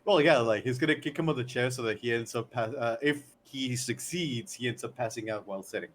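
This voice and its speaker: A man's voice: medium pitch, fairly quick, a bit bright, a little hiss or hum. A man playing in a tabletop game, describing his moves with some hesitation. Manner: hesitant, with fillers. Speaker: player. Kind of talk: casual tabletop game chat.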